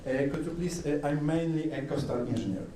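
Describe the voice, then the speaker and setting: A man's voice: a little high, brisk, warm tone, a little hiss or hum. A man with a Polish accent, an audience member, asks a conference speaker a question politely and hesitantly, with many fillers. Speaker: audience member asking a question, coastal engineer. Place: conference hall. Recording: echoey hall, mic held at a distance.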